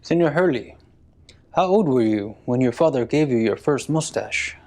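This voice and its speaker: A man asking questions in a deadpan comic interview, with prim, formal phrasing. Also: medium pitch, normal speed.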